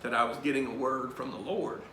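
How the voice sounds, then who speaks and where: A man leading a Bible study, telling a personal story in an animated, emphatic way. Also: medium pitch, brisk, reverberant, slight background noise.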